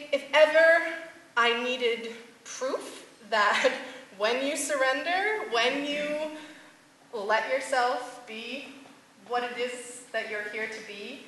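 A young woman, a singer-songwriter, telling a personal story on stage to a live audience, animated and laughing often, with many fillers. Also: on the high side, slight background noise. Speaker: singer-songwriter giving a talk. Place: stage before a live audience, echoey hall. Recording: echoey hall with faint ambience.

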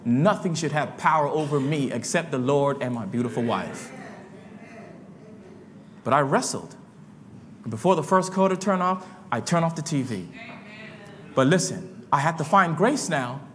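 Impassioned high-voiced preacher in a church hall. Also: male voice, animated, normal speed, pauses often. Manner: impassioned, swinging between low murmurs and shouts. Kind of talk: sermon. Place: church sanctuary.

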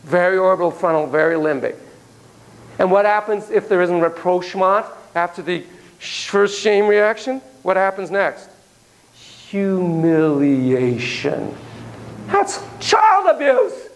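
A man's voice: high-pitched, normal speed. A man teaching a class on child psychotherapy, emphatic and playful, with frequent asides. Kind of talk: classroom lecture.

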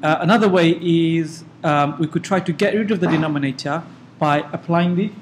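A maths teacher with a somewhat raised pitch works through a lesson. He quizzes his student step by step and picks at their wording. The room carries a faint hiss behind him. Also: a little fast. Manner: probing, corrective questions. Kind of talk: classroom tutoring.

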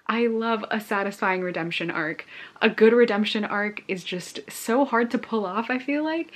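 Emotional gushing young woman, breathy. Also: fairly low pitch, fairly bright tone. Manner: gushing, emotional, laughing often. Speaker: book vlogger. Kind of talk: casual reading reaction vlog.

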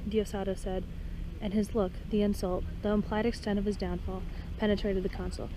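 A woman reading a novel aloud at a measured pace, with occasional slips and restarts. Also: mid-range voice, flat delivery, noisy background. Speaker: audiobook reader. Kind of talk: scripted narration.

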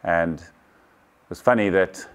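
Deep-voiced man telling his story. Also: slow pace, clear, resonant tone. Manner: candid, matter-of-fact, quotes others in dialogue. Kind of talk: personal storytelling to camera.

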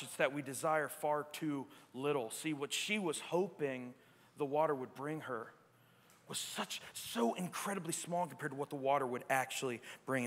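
A man preaching a sermon as pastor, emphatic and swinging between quiet reflection and loud exclamation, often asking "right?". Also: medium pitch, long reverb tail. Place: church sanctuary.

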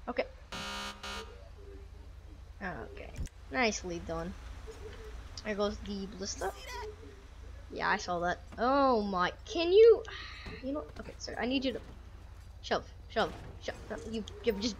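A woman's voice: medium pitch, animated, measured pace, long pauses, noisy background. A woman giving casual, chatty commentary while playing a police game, often laughing and talking to the characters. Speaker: gamer playing a police sim.

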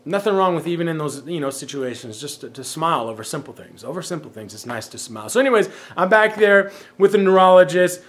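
A man telling everyday stories in a casual vlog, rambling and self-amused, often laughing at his own jokes and trailing off softly at the ends of thoughts. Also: a little high, animated, fast talker, hardly any pauses. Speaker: vlogger.

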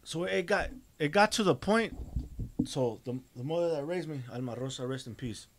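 A man's voice: on the high side, lively intonation, normal speed, slight background noise. A man, a guest on a podcast, telling his own story in a blunt, emphatic, profane way. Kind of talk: casual storytelling.

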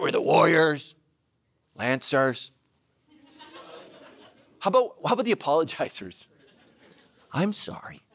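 A middle-aged man preaching a sermon, self-mocking and animated, now and then bursting into shouts. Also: a little high. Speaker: pastor.

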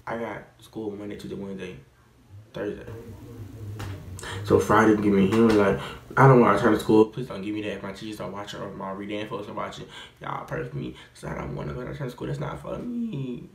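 Teen male vlogger with a gravelly voice, talking in loose, slangy rambles in an echoey room. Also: lowish voice, fast. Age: teens. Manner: rambling, slangy and expressive, with stutters. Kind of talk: casual chat.

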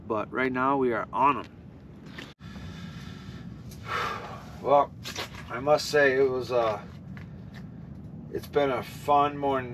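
A man, excitedly talking to viewers while ice fishing on a frozen lake. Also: mid-range voice. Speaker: fishing vlogger. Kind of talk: casual outdoor commentary. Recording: outdoor wind noise, distant mic.

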